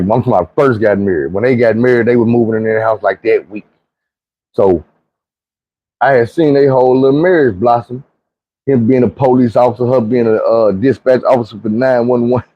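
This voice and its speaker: A man's voice: no room sound, muffled recording. A man telling a comic story in a casual, profane, rambling way. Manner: profane, slangy, rambling, leaps into high squeaky voices for quotes.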